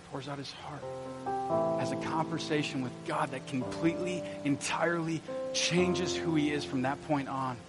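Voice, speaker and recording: A male pastor preaches to his church in a slightly high voice, chatty and full of asides to the people in front of him. Instrumental music plays clearly under his sermon. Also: fairly even intonation, normal speed. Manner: storytelling, conversational with asides to the congregation. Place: church sanctuary.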